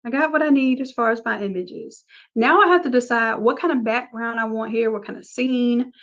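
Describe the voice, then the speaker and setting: Woman, design instructor, live class; casual and chatty, narrates each click; a bit high-pitched; muffled stream audio. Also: moderate pace. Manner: casual, chatty, talks through each step. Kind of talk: live screen-share tutorial.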